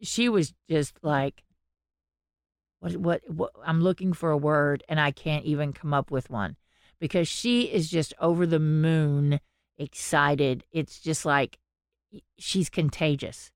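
A woman co-hosting a podcast, retelling stories with animated quoted voices. Her voice sits a little low for a woman. The sound is dry and close to the mic. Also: slow, no room sound. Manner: animated storytelling, acting out quotes. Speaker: podcast co-host. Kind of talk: casual podcast chat.

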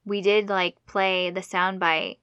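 A young woman co-hosting a podcast in casual chat, gushing and enthusiastic, often trailing off softly. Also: fairly low pitch, steady tone, takes it slowly, smooth, no echo, dull audio. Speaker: podcast co-host.

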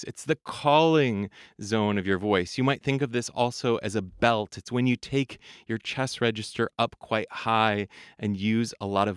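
Animated male voice coach, crisp dry sound. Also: mid-range voice, no room sound. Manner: animated, demonstrates singing registers, laughs often. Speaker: voice coach and podcast host. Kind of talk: solo podcast teaching.

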